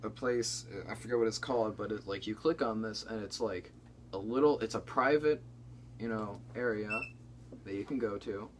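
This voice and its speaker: A man's voice: lowish voice, normal speed, slight background noise. A young man hosting a comedy chat, telling a story in a rambling, casual way with lots of restarts. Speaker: comedy channel co-host.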